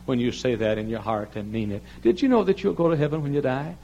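A man preaching a sermon as pastor of his church, swinging from soft pleading to loud shouted emphasis, telling stories and mimicking the people he quotes. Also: medium pitch, fast talker, creaky, dull audio. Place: church sanctuary.

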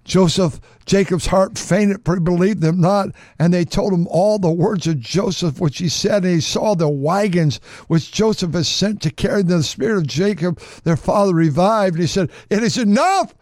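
A man's voice: sits high, normal speed, few pauses, a little mellow, dry recording, clean studio sound. A male preacher giving a fervent sermon, reading scripture aloud and repeating words for emphasis.

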